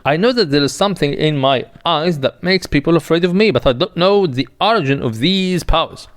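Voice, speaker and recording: A man's voice: fairly high pitch, expressive, brisk, natural voice. A man reading the part of a boastful young male impostor official in a dramatic reading of a play, in a smug, offhand way.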